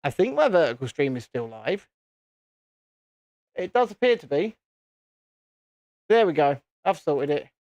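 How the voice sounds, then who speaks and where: A man's voice: a little high, very animated, measured pace, pauses often, darkish tone, no room sound. A British man hosting a casual live stream, chatting to viewers in a self-deprecating way.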